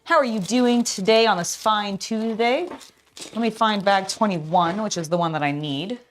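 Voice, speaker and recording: A tired young woman chatting casually on a live stream while building, scattered and excitable. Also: mid-range voice, moderate pace, slight background noise. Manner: scattered, excitable, self-talking. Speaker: streamer building a LEGO set.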